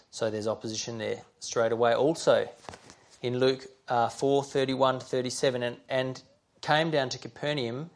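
Male preacher, sermon, gravelly mid-range voice, earnest, speaks directly to the congregation. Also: mid-range voice. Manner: earnest, addresses listeners directly. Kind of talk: sermon with scripture reading.

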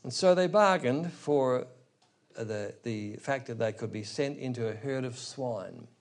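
Man preaching through a bible passage, mid pitch, asks the room questions. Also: expressive, unhurried. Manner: explains scripture verse by verse, rhetorical asides. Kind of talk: expository sermon.

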